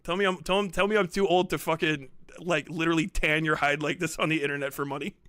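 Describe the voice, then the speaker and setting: A man's voice: a little high, steady tone, quick pace, bright, forceful tone, clean tone, no echo. A man in his thirties on a stream, teasing and goading a younger guest with frequent laughter. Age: 30s. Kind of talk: mocking live-stream banter.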